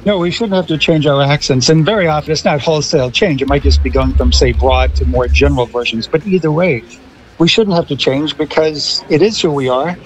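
Measured man, slightly higher voice. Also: slight background noise, poor audio. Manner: measured, reasoning, wry examples. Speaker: linguist guest. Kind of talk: radio panel discussion.

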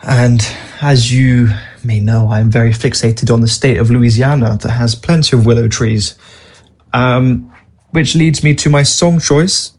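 A man's voice: mid-range voice, fairly even intonation, measured pace, a little mellow. A man presenting a casual spoken monologue, musing and reflective as he introduces a poem and a song.

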